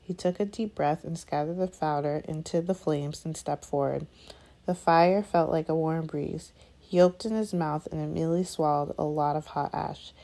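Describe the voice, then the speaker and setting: A woman reading a children's fantasy novel aloud in steady, measured narration. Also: low-pitched. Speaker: audiobook reader. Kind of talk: scripted narration.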